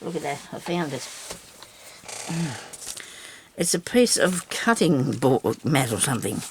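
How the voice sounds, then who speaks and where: A woman's voice: sits low, lively intonation, unhurried, slight background noise. A woman chatting casually as she crafts on camera, talking to herself and her viewers and teasing herself with small laughs. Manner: chatty, talks to herself and viewers while working. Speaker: crafter filming a tutorial.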